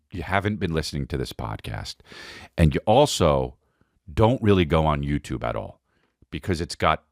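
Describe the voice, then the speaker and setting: A man hosting a podcast, telling a rambling, excitable comedic story with frequent swearing and asides. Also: extremely low pitch, no room sound, studio quality. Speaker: podcast host. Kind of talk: casual comedic monologue.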